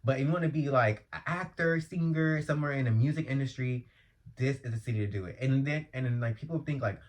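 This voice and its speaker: A man from Los Angeles hosting a casual solo podcast, talking in a chatty, slangy way that bursts into loud, exasperated outbursts. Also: mid-range voice, fast. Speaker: podcast host. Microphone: earphone mic.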